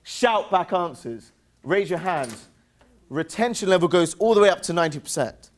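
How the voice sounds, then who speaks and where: Male seminar presenter, English accent, high voice; upbeat, playful, works the crowd with call-and-response. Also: animated, normal speed. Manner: playful, teasing jokes. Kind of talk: interactive motivational seminar talk.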